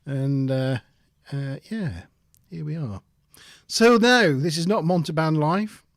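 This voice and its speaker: Chatty, laughing man, high voice. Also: expressive, slow pace, dry recording, clean studio sound. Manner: chatty, self-deprecating, laughs often. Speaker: podcast co-host. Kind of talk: casual live-stream chat.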